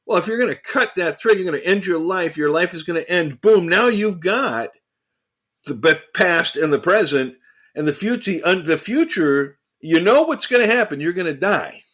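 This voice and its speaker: A man co-hosting a casual theological discussion, talking in an animated, emphatic way and repeating phrases for emphasis. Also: high-pitched, normal speed. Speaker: podcast co-host.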